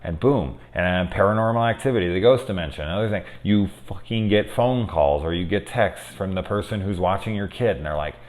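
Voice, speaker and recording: In a low, fairly quick voice with few pauses, a man in his thirties gives a casual, candid spoken review of a horror film. He curses often and swings between quiet musing and loud exasperation.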